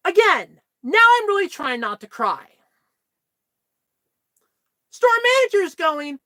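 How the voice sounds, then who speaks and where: A young woman vlogging, telling a story in casual chat in an animated, exasperated way. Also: very high-pitched, slow, long pauses, no echo.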